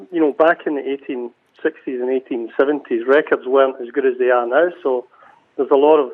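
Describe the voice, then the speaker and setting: A Scottish man, a cemetery chief, chatting as a guest on a radio call with frequent restarts. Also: mid-range voice. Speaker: cemetery CEO, phone guest. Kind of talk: casual radio interview. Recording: phone line.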